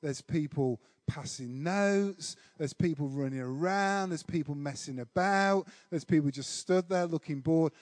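A man's voice: on the high side, unhurried, few pauses, dry recording. A man preaching a sermon, telling a self-deprecating personal story with humour before turning to worship.

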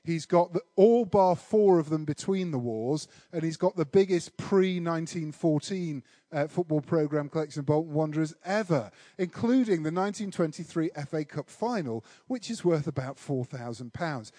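Animated preacher, high voice. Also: male voice, no room sound. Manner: animated storyteller, self-deprecating humour. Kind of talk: sermon with personal story.

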